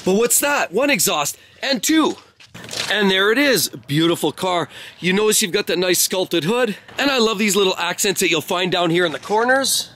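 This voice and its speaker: A man's voice: sits high, expressive, moderate pace, bright, forceful tone, slight background noise. A man doing an enthusiastic walkaround of cars, praising each detail. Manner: effusive, praising every detail. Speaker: car reviewer. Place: outdoors beside parked cars.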